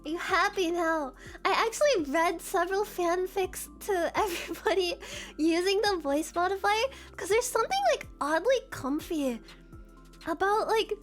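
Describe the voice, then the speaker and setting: A woman's voice: very high-pitched, moderate pace, soft background music. A woman streaming, rambling chattily and giggling at herself in a casual chat.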